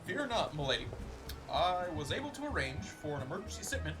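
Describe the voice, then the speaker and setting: A man doing a pompous gentleman inspector. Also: fairly high pitch, big pitch swings, brisk, rough recording. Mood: grandiose. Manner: grandiose, formal and theatrical. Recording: music playing underneath.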